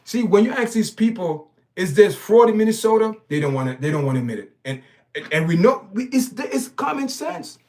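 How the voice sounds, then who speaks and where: This stream host's voice sits high and swings a lot in pitch, moving a little fast. He offers preachy, emphatic commentary on his channel, repeating words and restarting sentences.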